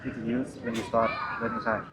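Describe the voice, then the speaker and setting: A man's voice: medium pitch, little pitch movement, fairly quick. A man asking short, plain interview questions from behind the camera. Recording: dull, noisy, off-mic.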